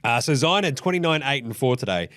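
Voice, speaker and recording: A man's voice: medium pitch, big pitch swings, quick pace, fairly bright tone. A man with an Australian accent hosting a basketball recap show, swearing freely and acting out what the players might have said. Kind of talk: casual profane game recap.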